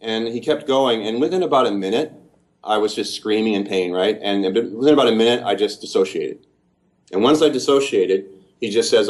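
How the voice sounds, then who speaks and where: With a fairly low pitch and a slightly fast delivery, a Canadian man recounts his own experience at length in an interview, telling it earnestly, methodically and in careful detail.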